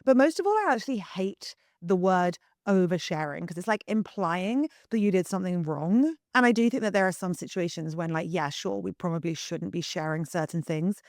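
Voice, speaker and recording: A young woman hosting a solo podcast, husky from the early morning, talking frankly to listeners as if to close friends. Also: lowish voice, lively intonation, normal speed, few pauses, a little mellow, no room sound. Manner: candid, confiding, talks to listeners like friends. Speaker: podcast host and wellness coach. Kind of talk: chatty solo podcast monologue.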